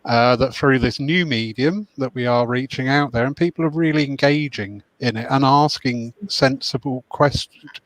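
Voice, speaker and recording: A man's voice: medium pitch, dry recording, low-quality recording. Thoughtful man hosting, dry sound. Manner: measured, thoughtful, hesitant fillers. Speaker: host. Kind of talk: hosted discussion, reading questions.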